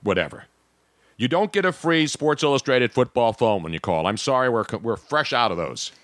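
A man's voice: medium pitch, animated, moderate pace, fairly bright tone, no room sound, studio quality. A man hosting a casual sports talk show, joking and rambling between topics.

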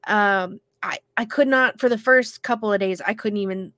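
A woman co-hosting a podcast, still congested from illness, telling an animated story with casual swearing. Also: medium pitch, moderate pace, no room sound. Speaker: podcast co-host.

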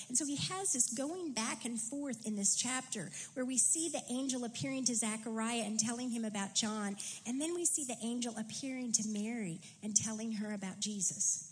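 A woman's voice: fairly high pitch, poor audio. A woman reading scripture and preaching a sermon in an earnest, reflective way.

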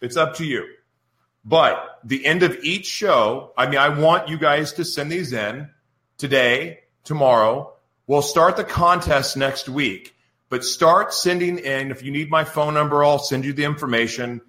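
Male host of a live radio show, bright voice, roomy studio, chatty and rambling. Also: fairly high pitch, a little slow. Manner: rambling, chatty, talks to live viewers by name. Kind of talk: casual live radio talk.

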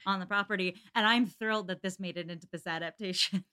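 A young woman co-hosting a casual podcast, dry-humoured and opinionated. She talks fast and tosses off references, and her voice sits in an ordinary middle range. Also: mid-range voice, steady tone, sharp tone, clear, resonant tone. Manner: wry, opinionated, quick with references. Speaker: podcast co-host. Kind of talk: casual chat.

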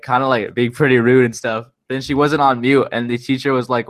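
A man's voice: mid-range voice, flat delivery, no echo. A young man in his late teens co-hosting a casual podcast, retelling a clip with lots of fillers. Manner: quick, filler-laden retelling. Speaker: podcast co-host. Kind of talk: casual chat.

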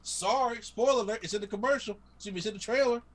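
A man chatting on a podcast, telling stories in an animated way and acting out his own reactions. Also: sits high, fast talker. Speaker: podcast co-host. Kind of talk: casual chat.

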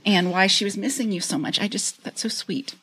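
A middle-aged woman co-hosting a podcast, responding warmly and affirmingly in casual chat. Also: medium pitch, brisk, husky, low-quality recording. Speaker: podcast co-host.

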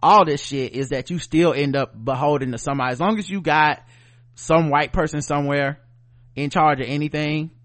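A man co-hosting a podcast in loose, casual chat, his voice sitting a bit high for a man. He is blunt and swears a lot. He gets animated as he talks. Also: brisk. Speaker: podcast co-host.

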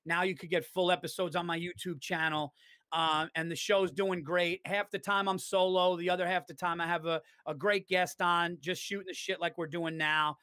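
A stand-up comedian chats on a podcast, his voice sitting fairly high. The sound is dry and close, with no room around it. He tells stories with energy, acting out the lines of the people in them. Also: moderate pace, dry recording. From New York. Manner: animated storyteller, swears freely, acts out quotes. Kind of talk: casual podcast chat.

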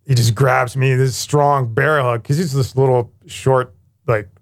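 A man in his forties talks through his past with blunt, lively candor and drops the odd swear word. His voice sits at an ordinary middle pitch. It has the loose feel of a relaxed conversation. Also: measured pace, vocal fry. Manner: candid, animated storytelling with casual swearing. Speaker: interview guest, former firefighter paramedic. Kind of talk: casual storytelling conversation.

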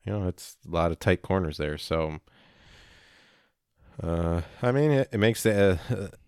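A man chatting casually as a podcast co-host, rambling and halting with many fillers. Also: low-pitched, expressive, a little mellow, smooth, no echo, clean studio sound. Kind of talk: casual chat.

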